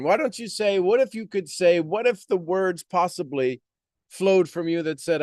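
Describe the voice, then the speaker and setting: A man's voice: high voice, normal speed, a little mellow, no room sound, clean studio sound. A man giving a motivational monologue on a live stream, preaching with repeated rhetorical questions.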